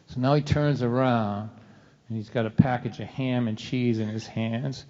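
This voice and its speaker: A man's voice: mid-range voice, moderate pace. Middle-aged guy doing a self-mocking story onstage, dull sound, long echo from the hall. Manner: wry, self-mocking, animated. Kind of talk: live storytelling performance. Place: church hall venue.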